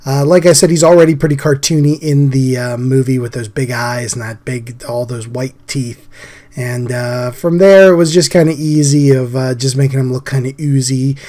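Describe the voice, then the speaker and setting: A man hosting a casual drawing chat, his voice scratchy and hoarse from a recent illness, talking in an easygoing, chatty way. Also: mid-range voice, normal speed, mellow. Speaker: host.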